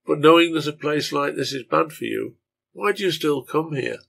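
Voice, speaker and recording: A man voicing a gentle, sad old father who speaks quietly and pleadingly. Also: on the high side, normal speed, vocal fry, husky, voice pushed up, exaggerated voice. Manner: soft-spoken pleading.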